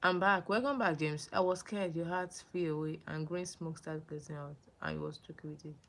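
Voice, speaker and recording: Young woman from nigeria, livestream host, chatty, repeats names, lowish voice. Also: brisk, creaky. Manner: animated, repeats names and phrases, greets viewers. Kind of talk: casual livestream chat reading viewer comments.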